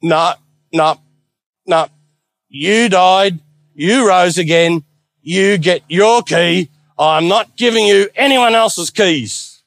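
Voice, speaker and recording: A man's voice: high-pitched, takes it slowly, a bit bright, no echo, heavily acted. A man voicing a scheming male devil who barks orders at his servants. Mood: defiant. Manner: barking orders, indignant. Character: scheming male devil, bossy underworld chief.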